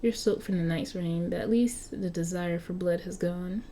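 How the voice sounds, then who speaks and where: Reading an interactive story to her viewers, this narrator often trips over words and starts them again, breaking off for chatty asides. She has a lowish, dark-toned voice at a moderate pace, with a little hiss or hum in the recording.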